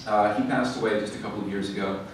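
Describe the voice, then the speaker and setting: A man's voice: lowish voice, steady tone, fast. A man giving a talk to an audience, telling stories in a chatty way with fillers and restarts. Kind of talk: lecture to a live audience. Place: library event hall. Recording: echoey hall, mic at a distance, faint noise.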